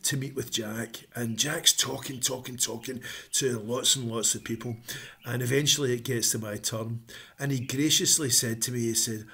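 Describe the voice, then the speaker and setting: A man speaks to camera in a relaxed vlog, warm and encouraging in tone. His pitch sits mid-range for a man, and he often pauses on an "um" before pressing on with upbeat enthusiasm. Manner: upbeat and encouraging, pausing with frequent ums. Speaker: motivational vlogger. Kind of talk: casual talk to camera.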